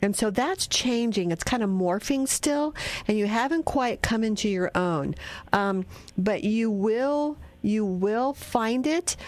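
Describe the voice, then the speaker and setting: A woman's voice: mid-range voice, a little mellow. A woman giving tarot readings to callers on a radio show, chatty and reassuring. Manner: chatty, reassuring, spiritual advice.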